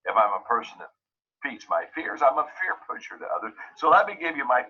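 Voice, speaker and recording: A man's voice: on the high side, sing-song, fast, bright, forceful tone, breathy edge. A man giving a motivational talk, emphatic and repeating key phrases, in a dull lo-fi recording. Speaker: motivational speaker.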